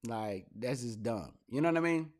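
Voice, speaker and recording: A young man hosting his own podcast, talking casually and with energy, swinging into loud, laughing mock rants. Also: medium pitch, lively intonation, normal speed. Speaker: podcast host. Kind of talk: casual commentary monologue.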